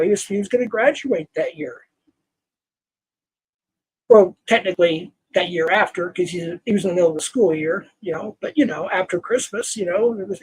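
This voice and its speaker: An older man hosting a livestream, scolding a viewer in a heated, halting rant full of restarts. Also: high-pitched, husky, rough recording. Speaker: livestream host. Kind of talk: angry livestream rant to chat.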